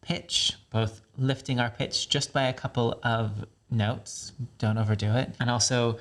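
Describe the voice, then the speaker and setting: A man's voice: medium pitch, steady tone, measured pace. A man with a mid-range voice runs a voice training lesson. He talks in an upbeat, explanatory way and laughs easily between points. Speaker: voice coach. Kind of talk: instructional video.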